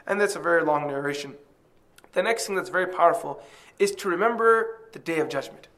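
A male preacher delivers a religious lecture in a rapid, emphatic flow, dropping into recited Arabic quotations. His voice sits high and rings bright and forceful. He pushes through his points with steady intensity.

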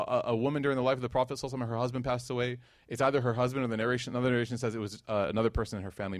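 A male preacher tells stories to a live crowd with energy. He fires questions at his listeners and tosses in jokes along the way. His voice sits at an ordinary pitch for a man and sounds close and dry. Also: no room sound. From United States. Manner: animated storytelling, quizzes the audience, joking asides. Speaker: Islamic preacher. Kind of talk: conversational sermon to a live audience.

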